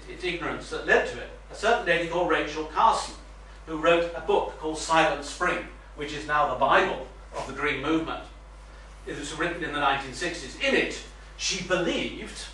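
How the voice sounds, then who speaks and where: An older man gives an earnest public talk, his tone forceful and a touch high. He drops in wry asides. He stands well back from the mic in a very echoey room with faint noise behind. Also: far from the mic. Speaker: retired minister giving a talk. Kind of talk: public lecture to a meeting.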